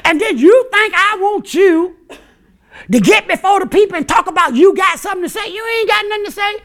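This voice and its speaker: High-voiced man preaching fiery sermon. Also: brisk. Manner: impassioned, preaching in bursts of shouting, colloquial, chuckling. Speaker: pastor.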